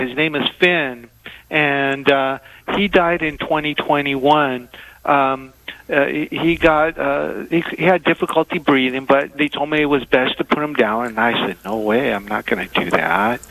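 A man calling in to a radio show, speaking hesitantly with many pauses and fillers. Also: fairly high pitch, fairly even intonation, a bit bright, dry recording, rough recording. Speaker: caller. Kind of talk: phone-in call.

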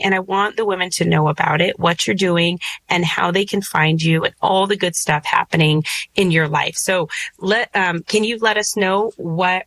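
A woman interviewing a guest for a book, putting her questions in a friendly, halting way. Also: fairly low pitch, a bit bright, no room sound. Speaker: interviewer, author.

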